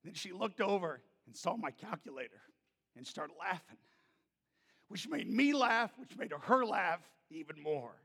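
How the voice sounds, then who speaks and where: Animated man preaching with a lively voice. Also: a little high, normal speed, breathy edge, big-room sound. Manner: loud, animated storyteller who drops to soft tones. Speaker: pastor. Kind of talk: sermon storytelling.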